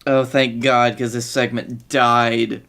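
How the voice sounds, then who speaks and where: A man in casual podcast banter who talks at an unhurried pace. He pitches ideas and teases his co-hosts wryly. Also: level tone, vocal fry, a bit bright. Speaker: podcast co-host.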